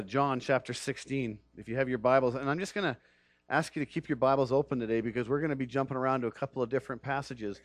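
A man's voice: mid-range voice, no room sound. Earnest male pastor preaching, dry sound. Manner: earnest preaching, builds to emphatic passages. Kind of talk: sermon.

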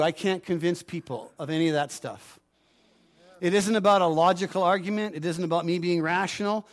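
A man's voice: sits high, normal speed. A middle-aged man preaching a sermon, earnest and rising into fervent, pleading prayers. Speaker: pastor.

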